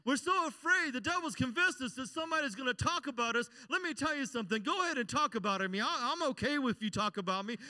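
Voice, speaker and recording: A man's voice: extremely high pitch, lively intonation, quick pace, hardly any pauses, pushed and bright, dry recording. A middle-aged pastor, preaching conversationally and asking his congregation "amen?". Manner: conversational preaching, frequent call-and-response "amen?". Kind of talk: sermon.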